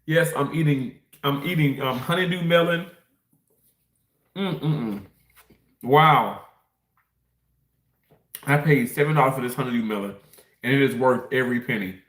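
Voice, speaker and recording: Eating as he goes, a man from Mississippi rambles casually on a livestream, laughing a lot and reading chat comments aloud. His medium-pitched voice is a bit bright and reverberant, unhurried and marked by long pauses.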